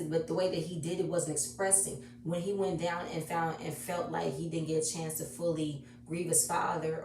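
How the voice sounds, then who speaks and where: A woman's voice: sits low, a little mellow, slight background noise. Chatty woman recapping in an echoey room. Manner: chatty, emotional, repeats herself. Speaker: reality TV reviewer. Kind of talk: casual episode recap. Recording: echoey room, distant mic.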